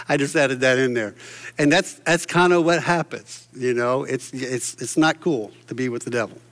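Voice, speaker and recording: A man's voice: mid-range voice, moderate pace, fairly bright tone, big-room sound. A man preaching a sermon from a church stage, fervent and exclamatory, often restarting his sentences. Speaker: pastor.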